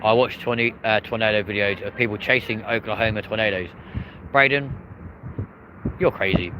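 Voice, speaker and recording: A man's voice: fairly low pitch, normal speed, rough recording. A man hosting a live plane-spotting stream outdoors by an airport runway, chatting casually with viewers and cheering the planes on. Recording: loud wind and traffic noise.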